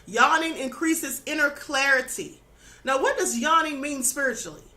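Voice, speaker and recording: A woman hosting her own channel gives an earnest, instructive spiritual teaching, checking in with "okay?" and "you know." Her high, bright voice is expressive and a little worn, as if she's slightly losing it, and she speaks at normal speed.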